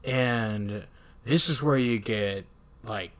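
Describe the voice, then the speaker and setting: A man's voice: on the low side, slow. A man casually recapping a film with lots of swearing, acting out the characters' lines. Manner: profane, animated, acts out characters. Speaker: podcast co-host. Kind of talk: casual movie recap chat.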